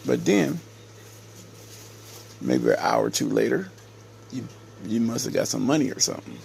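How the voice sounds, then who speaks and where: A man giving a slow, repetitive, scolding casual rant to camera as a vlogger. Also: mid-range voice, wildly swooping pitch, creaky, a little mellow, slight background noise.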